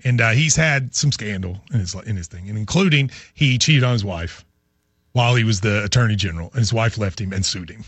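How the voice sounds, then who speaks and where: A man hosting a sports radio show, chatting casually in rambling, animated bursts with restarts. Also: fairly low pitch, fairly quick, breathy edge, dry recording. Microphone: studio microphone.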